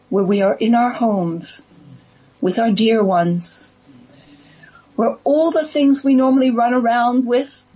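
A woman telling a religious story in a dramatic, emphatic way, with pauses. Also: fairly high pitch, dark tone, breathy edge, lo-fi sound. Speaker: speaker. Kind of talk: storytelling talk.

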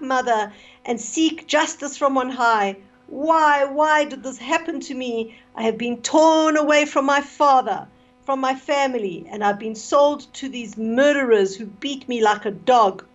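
A woman's voice: fairly high pitch, close to an everyday voice. A woman voicing a young man pleading in tears at his mother's grave, on a dull lo-fi radio recording. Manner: pleading, tearful. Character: young man weeping in despair.

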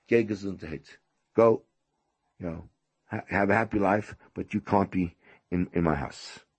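A man's voice: low voice, measured pace, breathy edge, no room sound, full character voice. A man voicing an older male host who keeps pleading and insisting with a guest. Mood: stern.

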